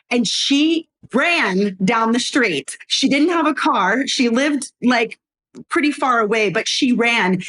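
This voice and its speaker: A middle-aged woman, a guest on a podcast, telling a story in a casual, animated way, acting out quoted lines and laughing often. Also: fairly high pitch. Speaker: podcast guest, former preschool owner.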